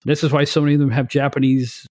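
A man chatting on a podcast as a guest, telling stories in an animated, opinionated way with frequent restarts. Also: medium pitch, fast talker, no echo, clean studio sound. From United States. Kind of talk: casual chat.

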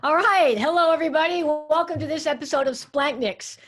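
A middle-aged woman hosts a casual podcast with an upbeat, loose delivery. Her voice sits a bit high and she fills gaps with ums and uhs. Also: fairly quick. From America. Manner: upbeat, uses fillers. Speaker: podcast host.

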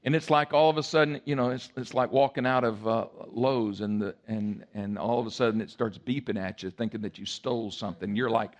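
A male pastor preaching a sermon, telling a story in a lively way and acting out voices and sounds. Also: mid-range voice, fairly quick, few pauses.

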